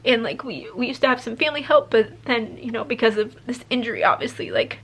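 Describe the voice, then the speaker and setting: Rambling young mom vlogger, emotional. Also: female voice, a little high, very animated, fast talker, a bit bright, slightly rough. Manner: rambling, lots of "like" and restarts; emotional, close to tears at times. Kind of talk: candid life update to camera.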